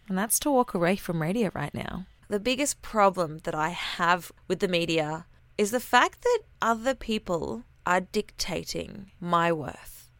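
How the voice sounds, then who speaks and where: A woman's voice: medium pitch, fairly bright tone, dry recording. An Australian woman and radio announcer telling a personal story in a chatty, candid monologue full of casual slang.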